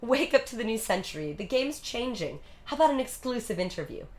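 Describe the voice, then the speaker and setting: A woman voicing a self-assured young female reporter with crisp, quick comebacks, in a solo live-streamed reading of a musical. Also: fairly high pitch, very animated. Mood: poised.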